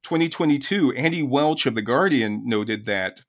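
A man's voice: mid-range voice, expressive, moderate pace. An American man co-hosting a podcast in casual chat, chuckling often as he explains things. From United States. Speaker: podcast co-host.

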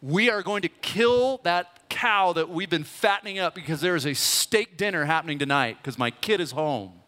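A man voicing a loving older father who welcomes his lost son home, speaking with warmth and devotion. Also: a little high, animated, normal speed, pitched above the performer's own voice. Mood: overjoyed. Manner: eager and urgent, then tender and hushed. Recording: long hall reverb.

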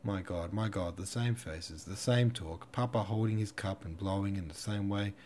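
A man's voice: fairly low pitch, normal speed, darkish tone, slight background noise, natural voice. A man reading the part of a restless young woman, anxious and wistful in tone. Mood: weary dismay.

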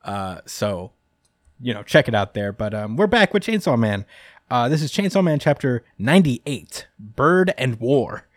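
A man's voice: mid-range voice, very animated, a little slow, dry recording, clean studio sound. Laid-back man recapping a story. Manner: rambling, lots of ums and laughs. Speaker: podcast host. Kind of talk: casual chapter recap chat.

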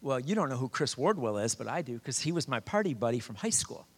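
A middle-aged man preaching a sermon, telling his own story with lively quoted voices. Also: mid-range voice, fast talker, slightly rough. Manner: animated storyteller, shouts quoted lines. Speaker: campus minister preaching. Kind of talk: sermon with personal testimony.

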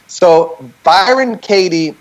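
Animated man explaining on a call. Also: high voice, slow, low-quality recording. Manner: animated, talks things through with many "right?" checks. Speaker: band member on a group call. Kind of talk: casual explanatory chat. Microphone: remote call.

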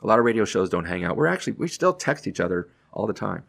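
A middle-aged man tells stories from his radio career in a quick, animated way. His voice sits fairly low and has a gravelly edge. He jumps into other people's lines as he goes. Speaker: radio host telling his career story. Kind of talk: casual anecdotal storytelling.

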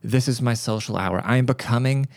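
A man's voice: mid-range voice, a little fast, a little mellow, no echo, studio quality. A man hosting his own podcast, telling stories in a blunt, profane, ranting monologue. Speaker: podcast host.

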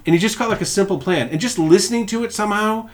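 A man's voice: high-pitched, quick pace. A young man co-hosting a podcast, chatting casually and telling stories with lots of swearing and acted-out quotes. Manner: profane, animated storytelling with put-on quotes. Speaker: podcast co-host. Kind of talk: casual chat.

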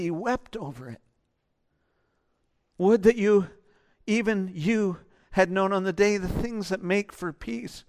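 A man preaching in a high voice, his sermon rising into loud, urgent pleas before dropping to soft, hushed lines. He acts out quoted voices with growing intensity. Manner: impassioned, swings from loud urging to soft near-whispers. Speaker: pastor.

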